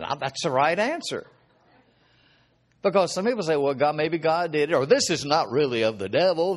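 A middle-aged man giving an informal sermon, speaking conversationally, asking rhetorical questions and clearing his throat often. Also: fairly high pitch. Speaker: preacher.

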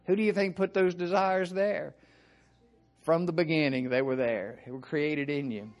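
Southern older guy preaching casual, kinda higher voice, clears his throat a lot, rambles. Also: expressive, a little slow. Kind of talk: informal sermon.

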